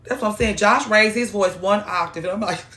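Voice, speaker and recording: A woman giving blunt, profane, animated relationship advice on a live stream. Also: medium pitch, brisk, reverberant.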